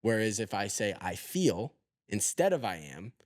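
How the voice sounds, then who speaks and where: Low-voiced man, dry close sound. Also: very animated, no room sound. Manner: thoughtful, halting, with many restarts. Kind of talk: conversational podcast interview.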